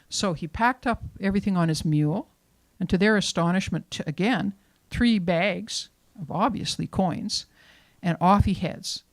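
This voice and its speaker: A woman hosting a storytelling event, finishing a folk tale in a relaxed manner and introducing the next teller. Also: on the low side, measured pace, no echo. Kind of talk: storytelling to a live audience.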